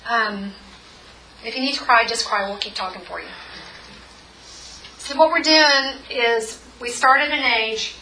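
A woman in her forties guides a group through a tapping session in a chatty, encouraging way, her voice crisp and bright. She is heard from some distance in an echoey room with faint noise behind. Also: a little high, measured pace, pauses often. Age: 40s. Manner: chatty and encouraging, with many fillers. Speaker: workshop leader.

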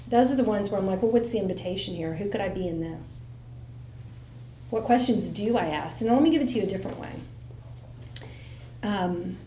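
A middle-aged woman giving a motivational talk to a live audience, telling stories with lively acted-out quotes. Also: mid-range voice, roomy sound, slight background noise. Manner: animated storyteller, acts out voices in quotes. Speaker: speaker.

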